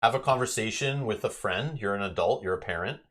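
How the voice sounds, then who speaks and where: A man's voice: on the low side, a little fast, fairly bright tone. A Canadian man co-hosting a live stream, chatting casually and rambling, often laughing. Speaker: stream co-host. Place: home room, Canada.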